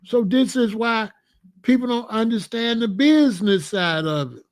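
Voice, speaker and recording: A man's voice: very high-pitched, unhurried. A man hosting a reaction commentary, arguing his point through repeated rhetorical questions. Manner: argumentative, piling up rhetorical questions. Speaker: commentary host.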